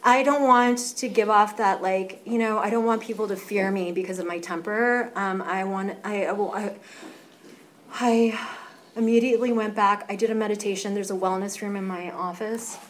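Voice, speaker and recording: Young woman sharing at a meeting, candid and chatty, swears a bit, soft hum in the room. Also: medium pitch, normal speed. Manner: candid and animated, lots of fillers, swears freely. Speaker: sharer at a recovery meeting. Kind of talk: casual personal sharing.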